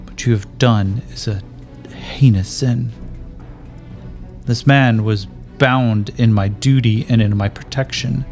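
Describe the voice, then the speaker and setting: A man's voice: mid-range voice, fairly even intonation, takes it slowly, a little mellow. A man voicing a stern, grieving older knight lord who speaks in a solemn, reproachful way to a younger knight in a tabletop game. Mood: sorrowful. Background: faint background music.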